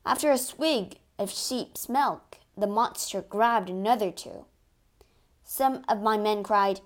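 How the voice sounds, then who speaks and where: Slow, expressive woman storyteller. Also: medium pitch. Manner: expressive, measured. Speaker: narrator. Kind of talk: storybook narration in first person.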